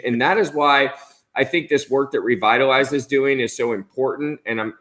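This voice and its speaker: A man's voice: mid-range voice, a bit bright. A man co-hosting a livestream, talking in an upbeat, friendly way and laughing often. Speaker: co-host of a livestream show. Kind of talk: casual live-stream chat.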